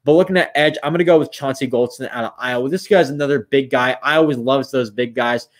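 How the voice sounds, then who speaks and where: A man's voice: mid-range voice, fast. A young man casually talking through picks on a live stream, thinking aloud and a bit tired. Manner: thinks aloud, rambling with restarts. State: yawning, tired. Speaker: streamer running mock drafts.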